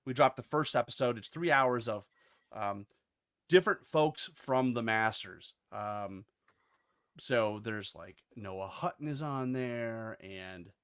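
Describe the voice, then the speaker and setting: A man's voice: mid-range voice, takes it slowly, a bit bright, smooth. Rambling, upbeat American man. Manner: rambling, upbeat, full of restarts. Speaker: podcast host. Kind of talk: casual chat.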